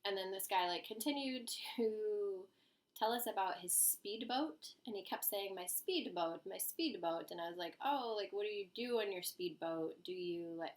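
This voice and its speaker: A woman's voice: medium pitch, measured pace. A young woman telling a story to the camera in a chatty, amused way, full of fillers and asides. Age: young adult.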